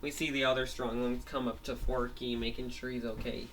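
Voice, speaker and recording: A man's voice: mid-range voice, level tone, fairly quick, recorded from a distance, very noisy. A man retelling a made-up episode in a rambling way, full of restarts. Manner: rambling, many restarts and fillers. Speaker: storyteller.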